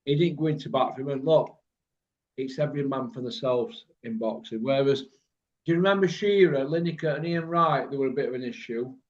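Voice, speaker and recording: A man with a Birmingham accent hosting a casual online chat, blunt and rambling, quick to laugh. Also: mid-range voice. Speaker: host. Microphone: video call. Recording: muffled lo-fi video call audio.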